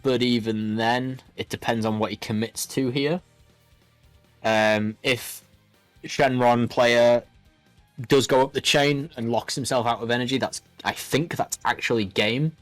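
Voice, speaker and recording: A man's voice: medium pitch, fairly even intonation, a little slow, fairly bright tone, no echo, soft background music. A man commentating a card game match in a loose, rambling way, full of restarts. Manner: rambling, lots of fillers and restarts. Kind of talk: casual play-by-play commentary.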